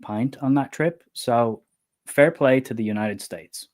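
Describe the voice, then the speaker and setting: This is an Irish man with a Dublin accent, chatting casually on a livestream. He tells stories in a lively way, laughs often and drops the odd swear word. His voice sits in an ordinary middle pitch. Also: a little slow. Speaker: book channel co-host.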